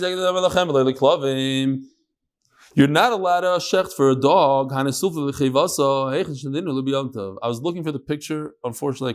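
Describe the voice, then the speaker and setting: A man's voice: medium pitch, darkish tone. A man teaching a Talmud class to a room of listeners, joking in asides between readings of the text. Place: classroom with live audience.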